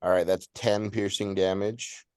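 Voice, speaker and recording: A man's voice: on the low side, level tone, unhurried, clear, resonant tone, no room sound, clean studio sound. A man playing a tabletop game, stating his moves in a matter-of-fact way. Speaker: player.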